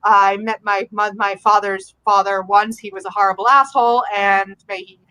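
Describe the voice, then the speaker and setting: Bright-voiced woman in blunt banter. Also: mid-range voice, steady tone, normal speed, smooth, poor audio. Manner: blunt, chatty, reacts with laughs and quips. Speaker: podcast co-host. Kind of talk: casual banter.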